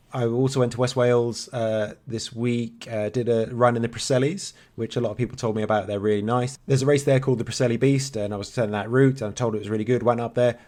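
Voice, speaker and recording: Fast-talking man on a podcast. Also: mid-range voice, a little mellow. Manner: swears freely, chatty and rambling. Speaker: podcast co-host. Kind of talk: casual chat.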